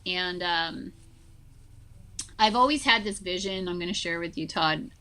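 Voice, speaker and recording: A bright-voiced woman in her forties talks at a measured pace with a fairly low pitch. She's a guest on a casual conversation, a social emotional learning teacher, and tells stories animatedly with plenty of fillers like "like" and "you know."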